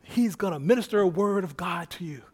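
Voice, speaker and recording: A man with a high voice preaches by telling a story. He acts out each person he quotes and laughs often, rising to shouts at the peaks. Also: expressive, fairly quick. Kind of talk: sermon storytelling.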